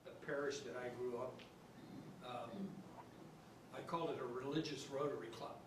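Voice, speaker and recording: Male class member, heard from far off in an echoey room with noisy background, quick aside. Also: medium pitch, steady tone. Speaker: class participant. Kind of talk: sharing an observation in discussion. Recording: distant, roomy mic with loud room noise.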